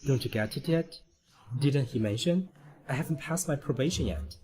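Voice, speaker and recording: A man's voice: medium pitch, moderate pace, lightly acted. A man playing a curt, cool young man. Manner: curt and calm. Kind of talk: dubbed drama acting.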